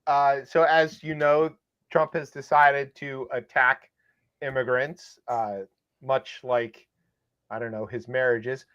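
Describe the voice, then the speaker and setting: A podcast co-host talks slowly in a flat, mid-range voice with a bit of brightness during a casual comedic news chat. He's rambling and sarcastic with plenty of fillers, and the sound is dull and lo-fi.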